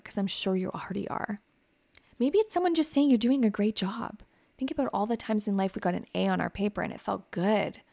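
A woman who hosts a psychotherapy podcast, guiding listeners through reflective questions in a gentle, advising way. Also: medium pitch, creaky, no echo. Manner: reflective, asks many questions.

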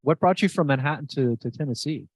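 A man's voice: a little high, fast talker, breathy edge, dry recording. A man from New Jersey hosting a podcast, chatting enthusiastically with his guest and often restarting his sentences. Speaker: podcast host. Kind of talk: casual interview chat.

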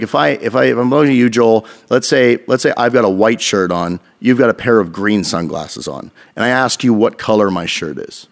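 A man from Canada talks on a podcast in a low, gravelly voice. He is energetic and swears freely as he tells stories. He speaks into a studio mic. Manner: energetic, profane, storytelling. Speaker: podcast guest, fitness coach. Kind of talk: casual podcast chat.

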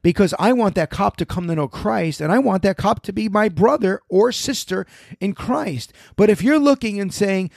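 A man with a slightly high voice delivers emphatic religious commentary, reading scripture and firing off quick questions to drive his point home. His voice sits close and dry, with no room around it. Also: expressive, vocal fry, darkish tone, dry recording.

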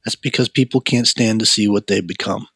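A man's voice: lowish voice, a little fast, a bit bright, husky, dry recording. A man earnestly telling his life story as an interview guest, often stumbling and repeating words. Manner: earnest, frequent stammered repeats. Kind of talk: personal testimony storytelling.

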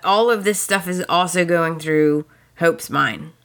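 A woman hosting a podcast, casually retelling soap opera scenes in an animated way and acting out the characters' lines. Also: fairly low pitch, unhurried. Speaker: podcast host.

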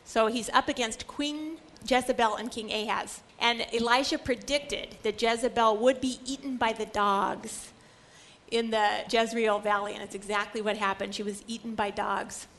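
A woman Bible teacher gives a scripture lecture with a slightly high voice. She tells the stories dramatically and emphatically, leaning into the key phrases. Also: fairly even intonation, normal speed, a bit bright.

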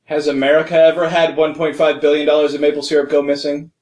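A man's voice: on the high side, level tone, fast talker, darkish tone, roomy sound. A young man joking crudely and laughing often in casual banter among friends.

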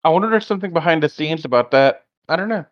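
Male podcast co-host, opinionated, slightly high voice, muffled lo-fi audio. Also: lively intonation, very fast. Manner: opinionated, blunt. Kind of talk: casual review chat.

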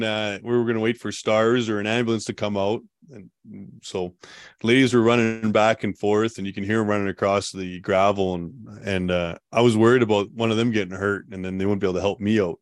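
Male interview guest, low-ish voice, easygoing and chatty, recorded dry and close. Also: brisk, no echo. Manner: relaxed, rambling, laughs often, many fillers. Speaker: guest telling a survival story. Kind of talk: casual storytelling interview.

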